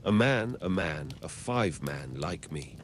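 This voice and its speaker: A man voicing an eager male ape-man guide who gabbles his words in excited repetition. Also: sits low, normal speed, a little hiss or hum.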